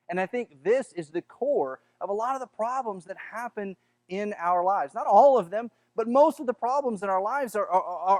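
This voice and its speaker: A man with a Southern American accent preaches a sermon in a conversational way, often stumbling over and repeating his words. His voice sits high for a man. The sound is close and dry, with almost no room echo. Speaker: pastor.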